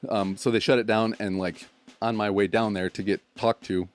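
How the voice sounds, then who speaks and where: A man's voice: lowish voice, fairly even intonation, moderate pace. A man casually telling a long story on a podcast, swearing freely and acting out what others said. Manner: profane, acts out quoted people.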